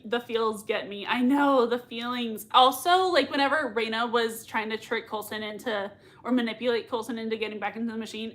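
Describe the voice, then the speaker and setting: A woman's voice: a little high, a bit bright. A woman hosting a casual livestream, reading viewer comments aloud in a giggly, gushing way and laughing often. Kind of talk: casual live watch-party chat.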